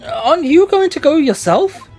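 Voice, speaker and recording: A polite, eager young defense lawyer, as a streamer reads him, a little flustered, speech rising and falling freely. plain and sincere in tone. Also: male voice, very high voice, very animated, normal speed, darkish tone, faint music behind, voice pushed up, heavily acted. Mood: earnest. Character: earnest young male Japanese defense lawyer.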